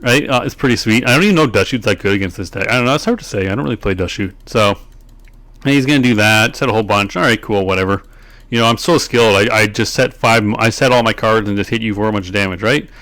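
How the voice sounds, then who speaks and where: A man's voice: on the low side, fast talker, fairly bright tone. A man giving casual commentary over a replay of his own card game, frustrated and swearing often, rambling through his thoughts with fillers and restarts. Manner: frustrated, ranting, profane. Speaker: gameplay commentator.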